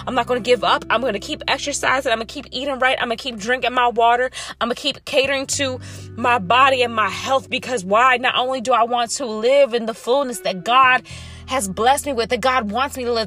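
A woman's voice: a little high, a bit bright. A woman giving a fired-up motivational monologue about weight loss, calling her listeners y'all.

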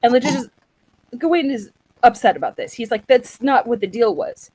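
A woman's voice: a little high, a little fast, gravelly, breathy edge, no room sound, low-quality recording. Chatty woman retelling a story. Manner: chatty, animated, acts out quotes.

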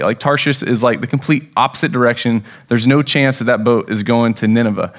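A young man with an American accent preaches in a relaxed, conversational way. He retells the story loosely, with lots of fillers and quick acted-out lines. His voice sits at an ordinary middle pitch. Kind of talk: casual sermon. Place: church sanctuary.

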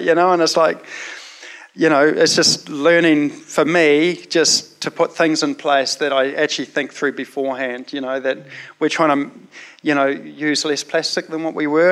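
A man with a New Zealand accent and a somewhat high voice, talking casually. He rambles and leans on "you know" and "like" as he tells a personal story. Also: fairly bright tone.

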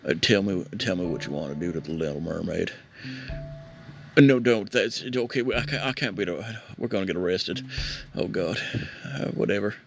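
A man's voice: deep voice, lively intonation, moderate pace, creaky, soft background music. A man doing nervous comedic banter, stammering and repeating words as he talks to a chatbot. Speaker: prank caller chatting with a chatbot.

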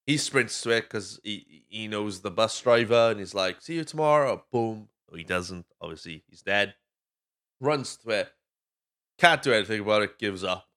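Welsh male podcast host, low-pitched but sharp and forceful, loose sweary movie recap full of tangents. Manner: rambling, sweary, goes off on tangents.

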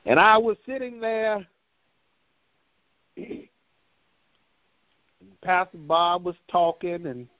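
A man preaching a sermon, telling a personal story with a measured, repetitive cadence. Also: high-pitched, animated, dry recording, dull audio.

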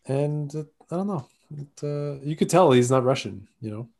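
A man's voice: fairly high pitch, expressive, normal speed, darkish tone. A man co-hosting a movie podcast in casual chat, joking and correcting himself as he rambles. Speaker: podcast co-host.

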